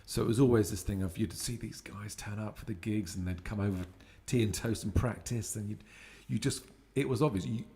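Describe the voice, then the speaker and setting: A man from England, a guest musician, telling stories about his musical upbringing in a relaxed, easy way. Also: on the low side, fairly quick, hardly any pauses. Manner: relaxed storytelling, laughs easily. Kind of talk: casual interview chat.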